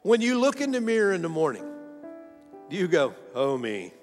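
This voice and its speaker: A pastor preaching a sermon, retelling a woman's testimony with animated emphasis and fervent questions to the congregation. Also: sits high, a little fast, long reverb tail, soft background music. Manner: animated storytelling, quoting a woman's testimony, rising to fervent appeals.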